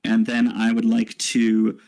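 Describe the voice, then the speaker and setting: A man's voice: lowish voice, monotone, takes it slowly, darkish tone, no echo, rough recording. A man playing a tabletop game, upbeat and chuckling as he announces his actions. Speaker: player. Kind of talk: casual tabletop play.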